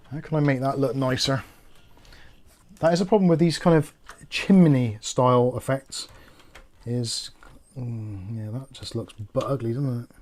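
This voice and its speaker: A man with a Bristolian accent talks through a PC build on a livestream, easygoing and conversational. His voice sits at an ordinary middle pitch, and he tends to think aloud between tasks. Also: a little mellow, slight background noise. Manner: chatty, thinks aloud while working. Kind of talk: casual livestream chat.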